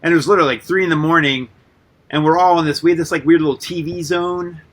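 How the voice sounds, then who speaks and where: A man guest on a radio interview, telling rambling stories in a loose, animated way, full of "like" and casual swearing. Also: on the high side, quick pace. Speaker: guest artist and musician.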